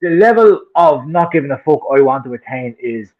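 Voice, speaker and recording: An Irish man rants through his stories at a rapid clip, swearing freely as he goes. His voice sits a little high for a man, and the recording sounds dull and lo-fi. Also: animated. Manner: profane, heated ranting storyteller. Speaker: podcast co-host. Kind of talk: casual chat.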